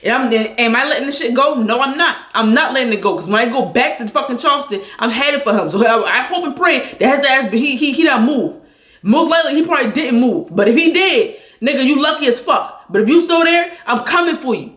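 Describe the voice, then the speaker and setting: A woman angrily venting a story on a livestream, talking loud, blunt and full of profanity. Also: high voice, expressive, fairly quick, roomy sound.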